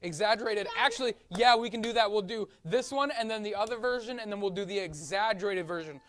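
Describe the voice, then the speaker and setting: A woman's voice: medium pitch, quick pace, slight background noise. Upbeat woman leading a kids' class. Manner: upbeat, coaxing, sings and shouts along. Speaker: children's Sunday school teacher. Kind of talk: leading kids in song and chat. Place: church classroom.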